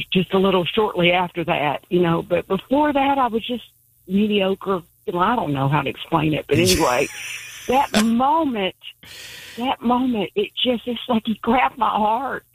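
A woman calling into a radio show, telling her story haltingly while searching for words. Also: medium pitch, vocal fry, slightly rough, no room sound, poor audio. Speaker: caller. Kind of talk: telling a personal story on air.

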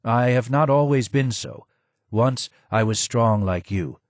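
A man voicing a broken, disfigured former advisor who speaks low, hoarse and slow, sounding more sad than angry. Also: dry recording, natural voice.

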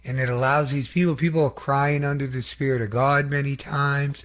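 A man of medium pitch preaching in a loose, conversational way, telling stories of faith. He speaks earnestly, often trailing off and restarting, and asks the listeners for their agreement. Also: steady tone, moderate pace, fairly bright tone. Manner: earnest, rambling, with many fillers and restarts; asks the audience for affirmation. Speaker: lay preacher giving testimony. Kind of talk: conversational testimony sermon.

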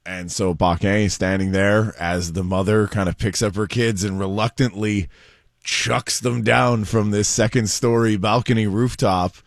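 A man co-hosting a radio show, briskly telling news stories in a casual way, his throat a little rough. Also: fairly low pitch, fairly even intonation, dry recording, studio quality. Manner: brisk storytelling of news items. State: slightly hoarse throat. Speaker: radio co-host.

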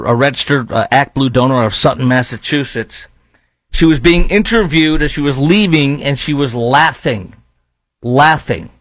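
A blunt commentary host with a Chicago accent, a man who rambles and restarts as he speaks. His voice sits at an ordinary pitch for a man. The recording is dry and close, with no room sound. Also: no echo. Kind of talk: opinionated commentary.

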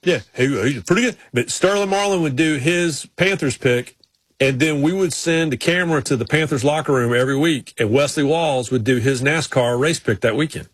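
Husky-voiced man on a sports talk show. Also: a little high, no room sound. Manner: rambling, with quick restarts and folksy impressions. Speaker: radio sports show co-host. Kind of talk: casual storytelling chat.

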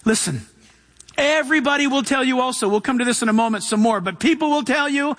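A man's voice: extremely high pitch, fast talker, a bit bright. A man preaching a sermon, emphatic and punchy, who keeps saying "listen" and acts out voices as he preaches. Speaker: pastor.

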